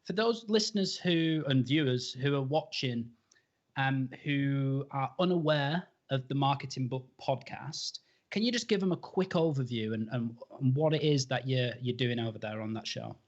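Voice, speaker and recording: A man's voice: mid-range voice, normal speed. A man hosting a live-stream interview, upbeat and casual with many um fillers. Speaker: show host. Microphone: video call. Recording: slightly dull live-stream audio.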